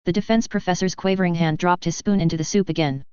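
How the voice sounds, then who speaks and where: A woman narrating a fan story audiobook in a steady, even manner. Her voice sits somewhat low and comes through very clear. The recording is dry with a slightly dull band. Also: quick pace, dry recording.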